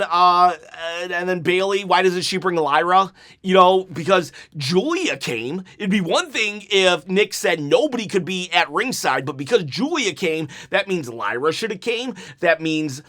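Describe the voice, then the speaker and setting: A man casually reviewing a wrestling show, rambling and animated, with plenty of filler words, sarcastic asides and quick laughs. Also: sits high. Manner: sarcastic, mock-quoting wrestlers in put-on voices; laughs while talking.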